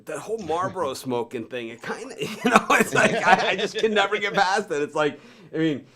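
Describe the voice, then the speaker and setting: A man's voice: sits high, lively intonation, a little fast, crowd noise. A man hosting a sports betting chat show, talking casually, laughing often and rambling between picks.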